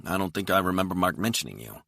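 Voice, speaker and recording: A man's voice: deep voice, sing-song, fast talker, gravelly, pushed and bright, no room sound, studio quality, exaggerated voice. A man voicing a friendly wife and mother who asks curious questions over dinner, his voice raised well above his own. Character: woman, a warm suburban wife and mother.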